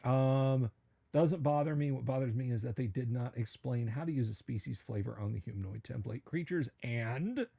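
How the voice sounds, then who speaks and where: Gravelly, opinionated livestream host. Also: male voice, medium pitch, moderate pace. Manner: opinionated, animated rants with stammered restarts. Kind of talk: casual chat reading viewer comments.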